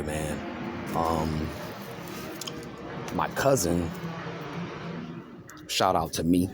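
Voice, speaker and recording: A man telling a rambling story on his vlog, laughing and mimicking others. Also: low voice. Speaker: vlogger. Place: store, walking around.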